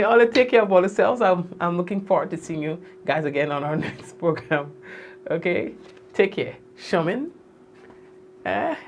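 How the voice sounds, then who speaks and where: A man's voice: sits high, gravelly, slight background noise. A man hosting a live news stream, chatting casually and teasing viewers by name as he signs off, laughing often.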